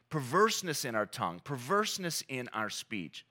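A man preaching a sermon, earnest and emphatic, with dramatic pauses and repeated phrases. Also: mid-range voice, big pitch swings, pushed and bright. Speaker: pastor.

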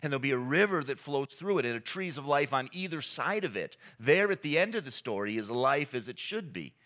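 A male pastor delivers a sermon with an earnest, emphatic style, leaning into dramatic pauses. His pitch swings widely from phrase to phrase, and his voice has a bright, forward edge. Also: expressive.

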